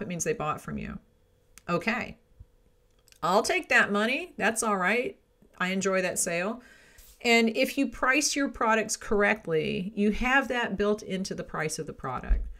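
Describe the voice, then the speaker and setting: A woman's voice: mid-range voice, a bit bright. A middle-aged woman hosting a home business podcast, giving frank, chatty advice with frequent "right?" and "okay?" asides. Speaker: podcast host. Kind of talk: casual advice talk.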